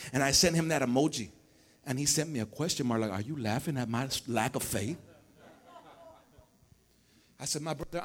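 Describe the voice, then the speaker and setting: In a church sanctuary, a male pastor preaches a sermon that swings between shouted climaxes and low storytelling, calling on the congregation to respond.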